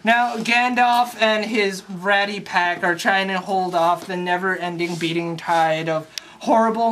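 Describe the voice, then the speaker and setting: A young adult giving a crude, sarcastic recap of a film plot, swearing often and rambling with quick restarts. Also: medium pitch, a bit bright. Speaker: comedic movie recapper. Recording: faint background noise and clicks.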